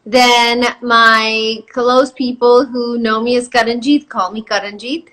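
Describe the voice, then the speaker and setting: A woman's voice: a little high, fairly even intonation, slow, fairly bright tone. A woman guest on a chat show over a video call, chatty and playful, laughing as she talks. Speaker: actress guest. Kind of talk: casual video-call interview.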